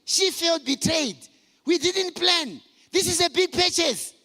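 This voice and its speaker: A middle-aged man telling personal stories to a conference, animated and shouting for emphasis. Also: very high voice, measured pace. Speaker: conference speaker. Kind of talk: motivational talk to men. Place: large conference hall. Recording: hall reverb.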